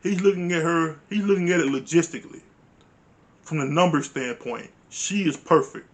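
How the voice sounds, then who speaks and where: This reality TV reviewer has a somewhat high voice and speaks at normal speed. His laid-back recap of the show is profane, blunt and fed up, and his grammar is loose and dialectal.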